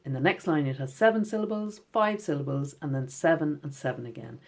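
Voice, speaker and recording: A low-pitched woman teaches schoolchildren in a gentle, encouraging tone. She reads her poems out slowly and with care. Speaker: poet teaching children. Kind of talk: recorded lesson for schoolchildren.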